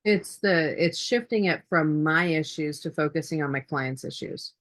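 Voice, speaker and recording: A woman taking part as a client on a coaching call, thinking aloud in a halting way and listing her ideas one by one. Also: sits low, no echo.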